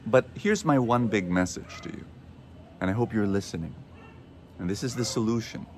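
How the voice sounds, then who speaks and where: A man with a Filipino accent hosting an inspirational radio show, telling stories in a lively, preaching way and quoting people in changing voices. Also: fairly low pitch, normal speed, a little hiss or hum. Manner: animated storyteller, quotes others in shifting voices. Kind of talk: inspirational sermon talk.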